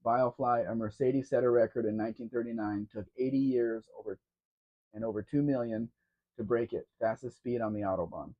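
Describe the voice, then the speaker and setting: A chatty man hosts a live stream, reading out viewer comments and teasing back. His voice sits at an ordinary middle pitch for a man. The sound is dull and lo-fi. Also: fairly even intonation, fairly quick. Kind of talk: casual livestream chat.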